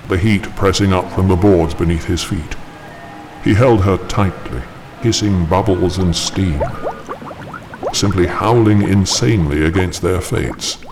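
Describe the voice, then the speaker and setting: A man narrating a story with dramatic intensity, pushing his voice much higher whenever he quotes a character. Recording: narration with clear background music.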